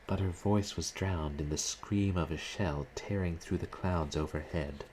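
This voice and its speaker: A man reading a short story aloud in a measured, deliberate narrating style. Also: sits low, darkish tone, slight background noise, low-quality recording.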